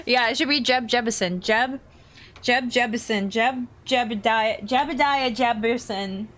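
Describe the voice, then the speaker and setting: Bright, giggly American woman streamer. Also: a little high, a little slow. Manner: chatty and giggly, full of "like" fillers. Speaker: game streamer. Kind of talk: casual live-stream chat.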